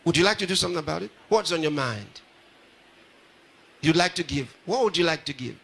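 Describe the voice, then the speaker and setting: A man's voice: fairly high pitch, animated, fairly quick, gravelly, fairly bright tone, breathy edge. A pastor addressing a live audience at a ceremony, repeating his phrases and putting questions straight to the crowd. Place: large ceremony hall.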